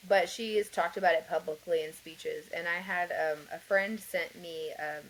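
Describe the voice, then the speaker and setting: A woman's voice: on the low side, fairly even intonation, normal speed, slight background noise, poor audio. A woman guest on a podcast, earnestly telling her personal story in a rambling way, with many fillers and light laughs. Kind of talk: conversational interview, personal story.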